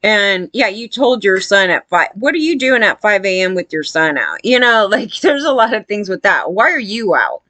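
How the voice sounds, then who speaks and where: A woman talking straight to the camera in casual, blunt commentary, rambling and full of fillers. Her pitch sits in the middle, and the recording is dry and close. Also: big pitch swings, normal speed, few pauses, bright, forceful tone, no room sound.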